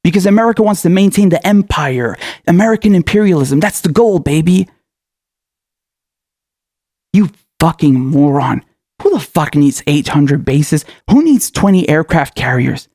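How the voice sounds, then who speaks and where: A man's voice: fairly high pitch, lively intonation, moderate pace, dry recording, studio quality. Furious profane man ranting. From Middle East. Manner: furious, profane, shouting insults. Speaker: political commentator. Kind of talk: angry political rant.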